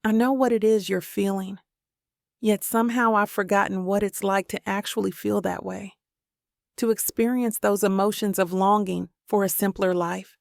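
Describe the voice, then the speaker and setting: A woman voicing a wistful, soft-spoken young man in an audiobook. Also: mid-range voice, fairly even intonation, moderate pace, creaky, no echo, clean studio sound, close to an everyday voice. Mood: gentle. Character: young man, gentle and wistful film star.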